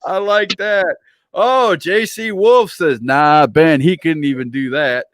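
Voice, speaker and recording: A man's voice: fairly high pitch, slow pace, fairly bright tone, no room sound, studio quality. A man hosting a casual livestream interview, playful and teasing as he reads viewer comments aloud. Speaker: interview host.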